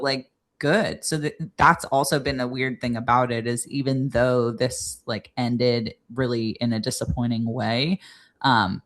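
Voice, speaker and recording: A woman co-hosting a podcast, talking in a blunt, frank and profane way and filling her sentences with "like". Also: rumbling low. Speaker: podcast co-host. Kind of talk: casual chat.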